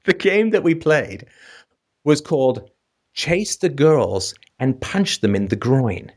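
An English man hosts a call-in show, telling stories in a lively, swooping voice of middle pitch. He laughs often and jumps up into a high voice for emphasis. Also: slow pace. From England. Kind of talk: anecdotal storytelling.

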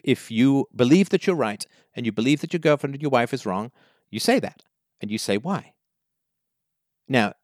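Animated male call-in host, lively pitch. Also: dry recording, studio quality. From Canada. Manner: animated storyteller, acts out quoted voices. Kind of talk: advice talk to a caller.

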